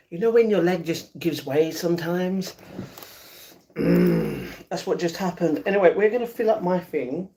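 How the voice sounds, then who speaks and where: High-voiced British man chatting on stream. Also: wildly swooping pitch, unhurried, warm tone. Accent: British English. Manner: chatty, greets chat viewers by name; playful, breaks into improvised rap. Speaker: live stream host. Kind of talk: casual live-stream chat.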